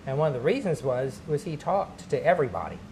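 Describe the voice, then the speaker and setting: A man, a comedian guest, chatting casually on a podcast and telling animated stories with quick character voices. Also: fairly high pitch, creaky, a little hiss or hum, rough recording.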